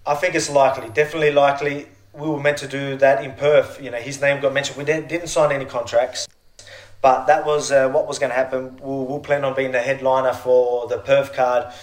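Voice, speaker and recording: A man's voice: mid-range voice, level tone, brisk. Eager Australian man, echoey room. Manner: eager, stumbling restarts. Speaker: fighter guest.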